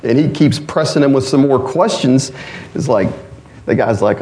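A man with a northern US accent preaching a sermon. His voice sits at a middle pitch, and he talks in a folksy, conversational way, dropping in asides to the congregation. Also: lively intonation, a little fast, mellow.

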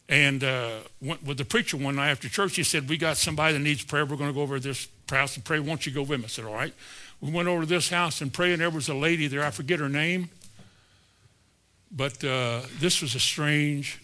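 A man preaching a sermon, telling stories in a folksy way, dropping into soft asides and rising to sudden emphatic peaks. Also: on the high side. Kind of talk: sermon storytelling.

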